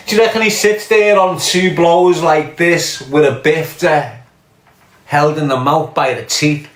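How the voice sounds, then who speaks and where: A man's voice: on the high side, unhurried, fairly bright tone. Scouse man ranting in a roomy space. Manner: profane, mocking, scornful. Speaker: podcast host. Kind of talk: casual ranting commentary.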